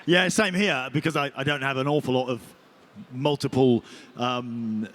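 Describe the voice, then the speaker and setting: A male actor talking on a convention panel, an animated, chatty storyteller. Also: medium pitch, normal speed. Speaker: voice and motion capture actor.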